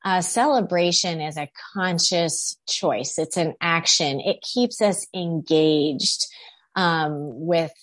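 A woman author and therapist, a guest answering interview questions in a thoughtful, measured way. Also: lowish voice, a bit bright, dry recording.

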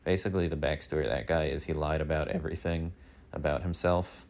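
A man hosting a daily news show, rambling through a comic monologue in a deadpan way with many fillers. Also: extremely low pitch, quick pace, gravelly. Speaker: daily news podcast host.

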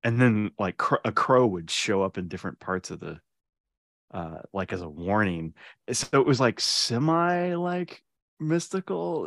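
A man's voice: fairly low pitch, no room sound, studio quality. A man co-hosting a podcast, chatting casually and rambling, trailing off and laughing often. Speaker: podcast co-host. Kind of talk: casual chat.

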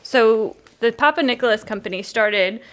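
A woman's voice: fairly high pitch, moderate pace, fairly bright tone. A woman co-hosting a casual podcast, telling a story with frequent laughs and restarts. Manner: giggly, tells a story with many restarts. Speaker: podcast co-host. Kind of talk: casual chat.

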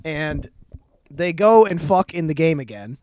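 A man's voice: fairly high pitch, animated, unhurried, darkish tone, a little hiss or hum. A man casually retelling a plot in a rambling way, laughing often and swearing freely. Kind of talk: casual chat.

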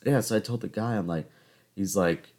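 Deep-voiced young man rambling casually. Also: normal speed, a little mellow. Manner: rambling, joking, self-interrupting. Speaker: podcast host. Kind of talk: casual solo monologue.

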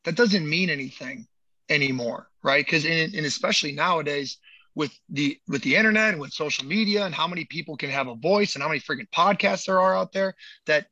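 High, bright-voiced man ranting emphatically. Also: a little fast, no echo, lo-fi sound. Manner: emphatic, profane, repeats words when fired up. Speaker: movement coach. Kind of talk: casual podcast chat.

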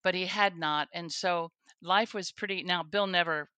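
A woman's voice: on the low side, fairly even intonation, normal speed, pushed and bright, clean tone, dry recording, muffled recording. A woman, a guest on a faith show, telling her own story earnestly, with restarts and the odd laugh. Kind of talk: personal testimony interview.

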